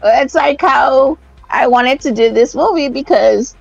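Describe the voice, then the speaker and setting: Woman, podcast co-host, teasing banter, high and gravelly voice, dry dull lo-fi recording. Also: measured pace, dry recording, soft background music. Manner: laughing, teasing. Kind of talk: casual movie podcast chat.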